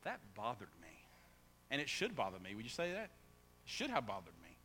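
A man preaching a sermon as pastor, often stammering and restarting, then building to loud, fervent preaching. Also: medium pitch, huge pitch swings, brisk. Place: church sanctuary. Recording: echoey hall with faint hum.

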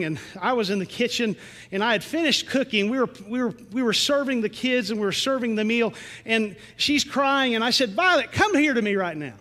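A man preaching a sermon in a church, earnest and slowing down with rising emphasis on key lines. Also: high-pitched, a bit bright, in a large hall. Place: church sanctuary.

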